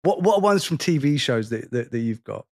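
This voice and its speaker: A man's voice: medium pitch, a little fast, dry recording, clean studio sound. A man co-hosting a podcast, telling stories in casual chat with frequent laughter. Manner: animated, laughing storyteller. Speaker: podcast co-host.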